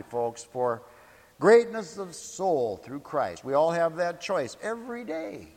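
Folksy preacher, man, high voice, hall reverb, swings soft to loud. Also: sing-song, takes it slowly. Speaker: pastor. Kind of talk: sermon.

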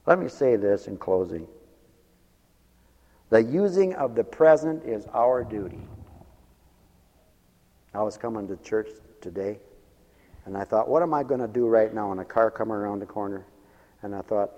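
A man preaching a sermon as pastor, swinging between quiet asides and loud emphatic calls. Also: lowish voice, normal speed, long pauses. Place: church. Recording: muffled church recording with long reverb. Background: radio ministry broadcast of a church service.

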